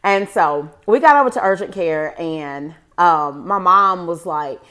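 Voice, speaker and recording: A woman's voice: on the low side, expressive, unhurried, sharp tone. A woman in her forties telling a personal story to her viewers in a chatty, rambling way, often calling them "guys". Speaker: vlogger. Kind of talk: casual storytime to camera.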